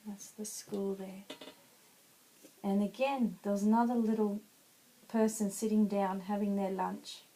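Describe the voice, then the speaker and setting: A woman narrating a children's story she makes up as she goes, in a halting way. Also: mid-range voice, fairly even intonation, mellow, rough recording.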